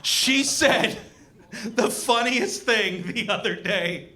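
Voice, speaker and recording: A young man doing stand-up at a comedy club, talking into a stage mic. His voice sits high and sounds bright and forward. He plays out his punchlines with lively, animated delivery. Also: slow pace.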